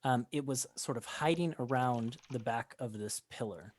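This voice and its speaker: A man's voice: medium pitch, moderate pace. A man narrating as game master of a tabletop game, describing scenes with many ums and restarts.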